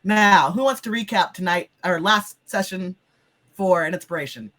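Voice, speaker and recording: A woman's voice: fairly low pitch, moderate pace, a bit bright. Sick-voiced woman game master. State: sick, voice lower than usual. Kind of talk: casual stream opening.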